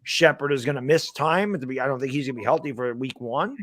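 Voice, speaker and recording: A man co-hosting a live sports talk stream, mostly quick agreement with his partner and then stretches of his own opinion. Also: mid-range voice, fairly bright tone, dry recording. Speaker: co-host.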